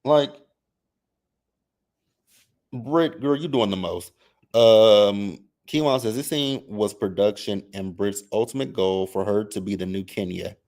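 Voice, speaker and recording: A man hosting a casual reality TV recap, reading chat comments and reacting in a sassy, animated way. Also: unhurried. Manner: sassy, animated, mimics cast members with exaggerated high voices; repeats phrases for emphasis.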